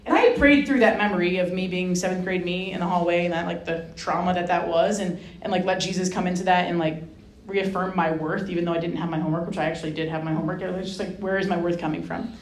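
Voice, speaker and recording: A woman from Rhode Island, a Franciscan sister, telling a personal story as a guest speaker, lively and self-mocking, acting out the voices in her story. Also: lowish voice, quick pace. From Rhode Island, USA. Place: hall with an audience. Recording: roomy echo.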